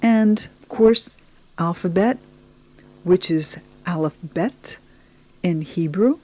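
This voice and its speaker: A woman's voice: fairly low pitch, slow pace, mellow. A woman teaching a beginners' lesson over slides, encouraging and speaking straight to the viewer. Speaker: Hebrew teacher. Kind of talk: slow, patient lesson narration over slides.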